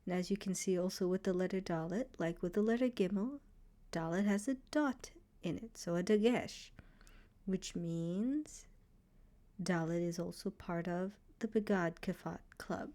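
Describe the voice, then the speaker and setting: Patient woman teaching Hebrew letters, mellow voice. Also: on the low side. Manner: patient, repeats sounds slowly to demonstrate. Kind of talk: beginner language lesson.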